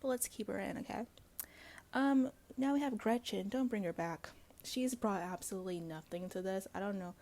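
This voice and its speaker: Woman host, gravelly mellow voice, blunt gossipy solo commentary. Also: mid-range voice, moderate pace. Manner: blunt, gossipy, swears freely; chatty with frequent fillers and asides. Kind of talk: casual solo commentary to viewers.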